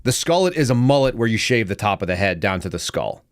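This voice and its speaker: A man hosting a casual political talk show, rambling with quick joking asides. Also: fairly low pitch, very animated, clear, resonant tone, no echo, clean studio sound. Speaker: podcast host.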